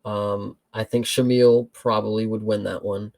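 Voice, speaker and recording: A man's voice: lowish voice, level tone, measured pace, gravelly, a little mellow. A man co-hosting a show, breaking down fights in casual, blunt chat and swearing freely. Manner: blunt, swears freely, calls listener bro. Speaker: podcast co-host.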